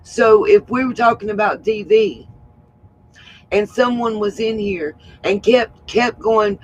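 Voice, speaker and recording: A woman hosting a livestream, hoarse and frustrated, who keeps repeating her points with emphasis. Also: mid-range voice, steady tone, moderate pace, low-quality recording. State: hoarse from hollering. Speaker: livestream host. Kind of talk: casual livestream talk.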